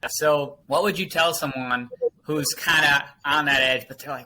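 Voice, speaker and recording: A male host asks his guest questions in a relaxed, conversational way, sometimes stopping to find his words. His voice is very bright and sits fairly high. It comes through muffled and a little distant. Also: a little slow, slight background noise. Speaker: podcast host. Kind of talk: interview questions.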